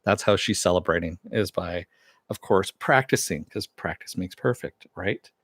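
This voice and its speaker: A man's voice: low voice, normal speed, fairly bright tone, no echo. A man giving a casual, chatty recap of a TV episode, retelling scenes with loose asides and the odd swear word. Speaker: TV show reviewer.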